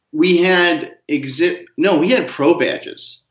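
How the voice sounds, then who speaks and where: A man, a comics writer as a guest, telling a rambling, joking story in a casual interview. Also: on the high side. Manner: rambling storyteller, animated jokes. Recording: roomy, dull lo-fi sound.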